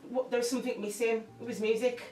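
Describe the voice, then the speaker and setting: Her fairly high voice is a little mellow and flat, and she talks fast: a singer as interview guest, frank and emotional, rambling and restarting. Sound comes from off-mic, roomy, with faint music.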